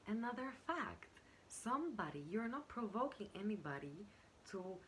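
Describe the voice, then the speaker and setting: A woman coaching on communication, explaining step by step in a measured way with frequent pauses and fillers, now and then acting out example sentences. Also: mid-range voice, very animated, fairly bright tone, a little hiss or hum. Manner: measured, pausing with fillers, acts out example phrases. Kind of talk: explanatory teaching talk.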